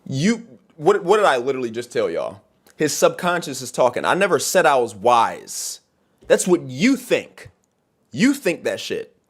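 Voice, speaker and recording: A man's voice: medium pitch, measured pace, slightly rough. A man making a heated, profane monologue video, ranting to the camera as a content creator. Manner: heated, profane, animated rant.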